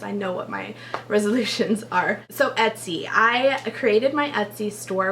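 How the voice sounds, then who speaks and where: A Texan woman YouTuber chats casually with her viewers, gushing, laughing often and running her sentences together. Her voice is medium-pitched and a bit bright, with a little hiss or hum in the background.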